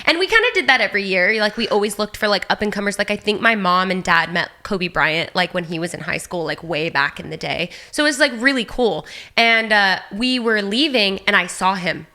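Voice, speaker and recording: A woman in her thirties, a guest on a podcast, telling a story in a lively, casual way full of "like.". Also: mid-range voice. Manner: animated, fast, peppered with "like". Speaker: podcast guest, Olympic athlete.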